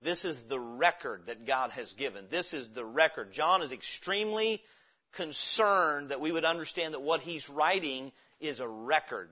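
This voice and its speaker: A man's voice: fairly high pitch, moderate pace, bright, forceful tone, muffled recording. A male pastor preaching a sermon in church, stopping often to ask the congregation questions and answer them. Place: church sanctuary.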